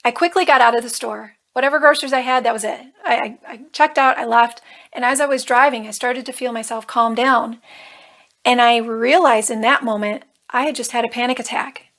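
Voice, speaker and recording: A woman with a fairly high voice talks straight to camera as a coach. She tells a personal story in an earnest, emotional way and slips in nervous humor. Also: steady tone, fairly quick, fairly bright tone. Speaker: life coach.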